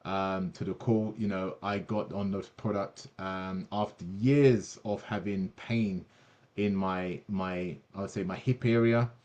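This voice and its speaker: A man's voice: low-pitched, fairly even intonation, unhurried, a little mellow, muffled recording. A man hosting an online product presentation, talking enthusiastically with many fillers and restarts.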